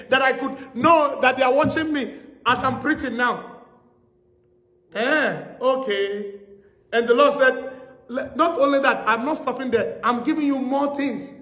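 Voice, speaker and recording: A man preaching a sermon, telling stories with acted-out dialogue and rising to shouted exhortation. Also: very high voice. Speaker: pastor. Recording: echoey hall reverb.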